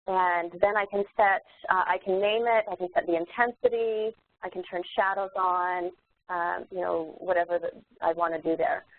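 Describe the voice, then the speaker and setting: A woman instructor demonstrating software in a live webinar, explaining steps in a relaxed way with many fillers and restarts. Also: fairly low pitch, normal speed. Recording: tinny phone-like webinar audio.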